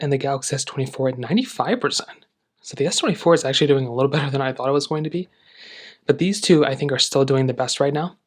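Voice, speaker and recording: A man narrating a casual tech review in a relaxed, rambling way, with lots of filler phrases. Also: mid-range voice.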